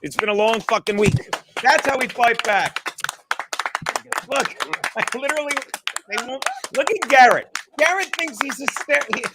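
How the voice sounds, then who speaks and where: A man hosting a casual comedy podcast, telling stories in a profane, excitable way, often laughing and breaking into shouts. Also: extremely high pitch, normal speed, pauses often, heavy background noise. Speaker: podcast host.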